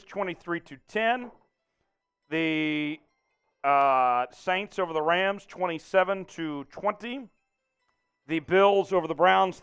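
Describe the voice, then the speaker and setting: A man with a high, smooth voice hosts a casual sports livestream at an easy, drawn-out pace. He reads out viewer donations, gets excitable and laughs often. Faint music plays behind him. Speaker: livestream host.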